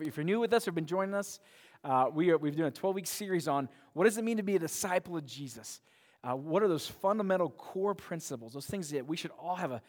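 Pastor, male, slightly high voice, chatty sermon delivery, long church reverb. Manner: conversational, repeats and restarts, mimics bored voices. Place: church sanctuary.

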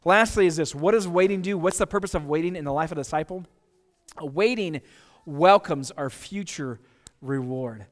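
A fairly high-voiced American man preaching to his church. His delivery is earnest and conversational, and he restarts and repeats words. His voice rings out with the long reverb of a church hall. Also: moderate pace. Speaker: pastor. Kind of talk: sermon. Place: church sanctuary.

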